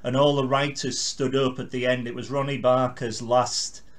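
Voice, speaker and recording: A man's voice: mid-range voice, level tone, normal speed, crowd noise. A man hosting a podcast interview, asking questions and recalling shows he saw with enthusiasm. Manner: enthusiastic, eager listener. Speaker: podcast host. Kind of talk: casual interview chat.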